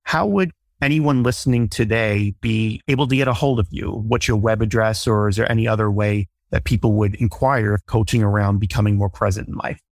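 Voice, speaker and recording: A man hosting a podcast, with a somewhat low voice. He talks in a measured, reflective way. The recording is dry and close. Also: dry recording. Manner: reflective, measured, open about himself. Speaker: podcast host. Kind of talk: podcast interview conversation.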